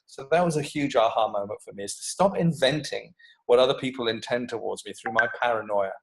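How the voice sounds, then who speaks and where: A man, a creativity coach, telling an animated story and swearing freely in a casual podcast interview. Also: medium pitch, brisk, gravelly, rough recording.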